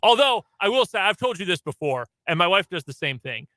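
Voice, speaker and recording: Man, Midwestern accent, slightly nasal, upbeat joking sports radio co-host, very bright tone, dry studio sound. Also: high-pitched, big pitch swings, fairly quick, dry recording. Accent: Midwestern American. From American Midwest. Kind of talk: casual sports radio banter.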